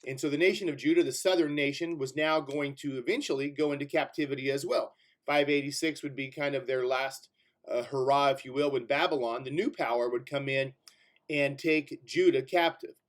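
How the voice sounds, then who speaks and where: A man's voice: medium pitch, steady tone, fairly quick. A man preaching, teaching a Bible class in a conversational way with fillers like "if you will", and pushing his voice up to stress key points.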